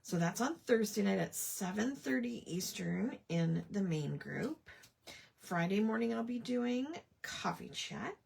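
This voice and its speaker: A woman's voice: mid-range voice, lively intonation, measured pace, vocal fry, a little mellow, breathy edge. A woman hosting a casual livestream crafting chat, talking with friends and muttering to herself as she works. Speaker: craft show host.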